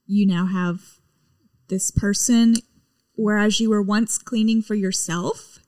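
A woman's voice: medium pitch, steady tone, slow pace, mellow, dry recording. Woman, middle-aged, casual chat, matter-of-fact explaining, dead dry sound. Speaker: podcast co-host, wife.

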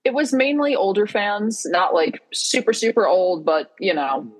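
A young woman on a podcast telling an excited story in casual chat. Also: mid-range voice, a little slow, low-quality recording. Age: young adult. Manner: excitable storyteller, animated retelling. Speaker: podcast co-host.

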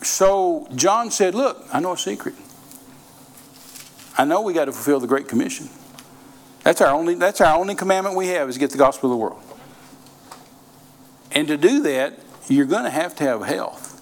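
A man's voice: a little high, animated, moderate pace, pauses often. A middle-aged man preaching a sermon, telling folksy stories and repeating phrases for emphasis.

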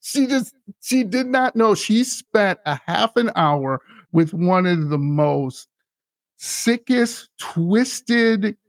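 A man's voice: sits high, lively intonation, takes it slowly, no echo, clean studio sound. A man hosting a podcast, telling a story in an eager, rambling way with many restarts. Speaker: podcast host. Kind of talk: casual chat.

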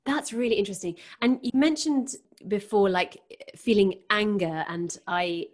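A woman's voice: mid-range voice, moderate pace. A woman hosting an interview, asking curious and reflective questions. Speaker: podcast host and author. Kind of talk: interview chat.

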